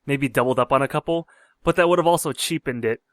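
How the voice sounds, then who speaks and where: A man's voice: medium pitch, fast talker, fairly bright tone, no room sound, clean studio sound. A man co-hosting a podcast, talking casually about a film in an easygoing, hesitant way with frequent restarts. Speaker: podcast co-host. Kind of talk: casual movie review chat.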